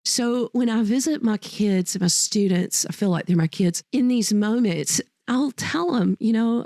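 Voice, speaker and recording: A woman's voice: on the high side, a little slow, few pauses, mellow, no echo, clean studio sound. A woman teacher and podcast host telling personal stories in a heartfelt, rambling way, often correcting herself mid-sentence. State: choked up. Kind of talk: personal storytelling.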